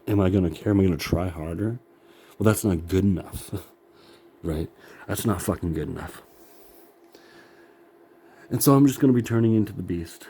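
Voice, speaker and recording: A man's voice: sits low, creaky, warm tone, a little hiss or hum. A middle-aged man rambling in a profane, self-critical monologue, laughing often and sounding worn out.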